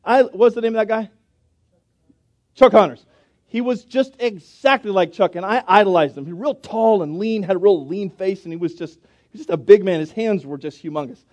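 A middle-aged man with a notably high voice preaches from a church pulpit. He spins folksy, chatty stories to his congregation and slows right down when reading scripture aloud. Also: darkish tone. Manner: folksy, chatty storytelling with scripture read slowly. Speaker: pastor. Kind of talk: storytelling sermon. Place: church sanctuary.

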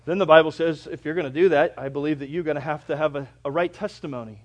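Middle-aged guy preaching, pretty high voice, gets loud then drops way down low and quiet. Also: muffled recording. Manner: stretches out scripture quotes slowly. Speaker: pastor. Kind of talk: sermon.

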